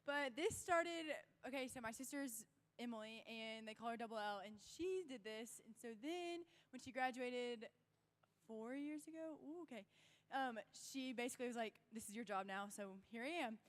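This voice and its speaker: A young woman with a sore voice leads a crowd game at a church youth event, bubbly and shouting cheers. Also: fairly high pitch, animated, moderate pace.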